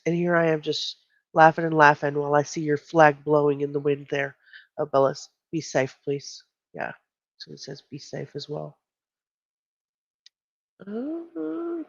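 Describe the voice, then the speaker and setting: A woman's voice: deep voice, no room sound, lo-fi sound. A woman hosting a true crime live stream, chatting casually and giggling as she greets viewers. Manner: giggly and chatty, often breaking into laughter.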